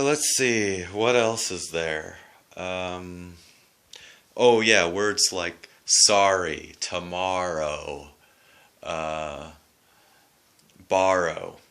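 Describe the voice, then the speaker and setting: A Canadian man from southwestern Ontario talks through pronunciations in an unhurried way, trying out word after word. His voice sits very low, yet it has a bright, forceful edge. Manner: loose and rambling, demonstrating word pronunciations. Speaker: video host explaining accents. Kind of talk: casual spoken explainer.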